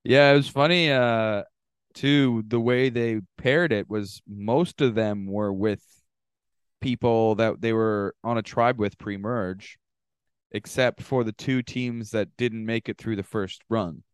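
A man co-hosting a podcast, chatting casually, animated and mimicking people he describes. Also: lowish voice, slow, clear, resonant tone, no echo, clean studio sound. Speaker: podcast co-host. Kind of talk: casual recap chat.

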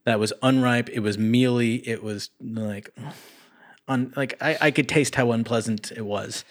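Podcast co-host, male, mid-pitch, sarcastic and profane, rambling delivery. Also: steady tone, a little slow. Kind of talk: casual movie review chat.

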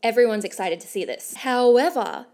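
A woman's voice: a little high, expressive, normal speed, a little mellow. Chatty young woman podcast host. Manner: chatty and gossipy, with lots of "like". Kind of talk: casual chat.

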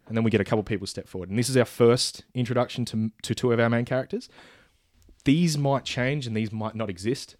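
A man in casual chat pitching a film idea, rambling with many fillers and restarts, now and then acting out characters' lines. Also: dry recording, clean studio sound.

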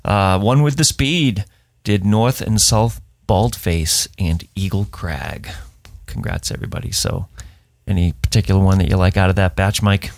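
A man's voice: low-pitched, normal speed, dry recording, clean studio sound. A man from New co-hosting a hiking podcast, chatting casually, joking and reading sponsors. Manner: jokey, laughs often. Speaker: podcast co-host. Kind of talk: casual chat and sponsor reads.

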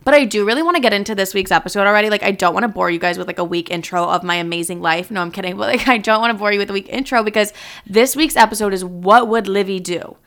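A young woman in her twenties hosts her podcast from home, chatting casually, joking, and swearing plenty. She talks fast at a medium pitch with a fairly bright tone.

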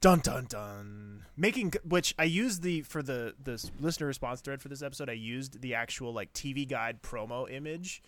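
A man hosting a casual TV recap podcast, animated and chatty, often laughing. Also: mid-range voice, fairly quick, few pauses. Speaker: podcast host.

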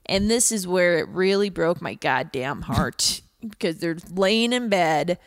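A woman's voice: fairly low pitch, animated, measured pace, no echo, clean studio sound. Giggly woman recapping on a podcast. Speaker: podcast co-host. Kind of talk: casual chat.

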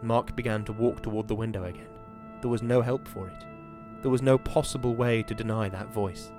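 Guy with a lowish voice reading a scary book on a podcast, faint music underneath. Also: steady tone, brisk. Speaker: podcast host reading a horror novel. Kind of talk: dramatic reading and casual commentary.

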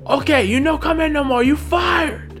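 A man voicing a furious male pizza shop manager who yells high-pitched commands in broken English. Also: moderate pace, faint music behind.

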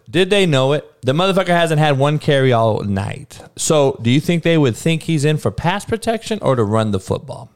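Man, podcast host, sports rant, profane, combative, repeats himself, mid pitch. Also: animated, normal speed, darkish tone.

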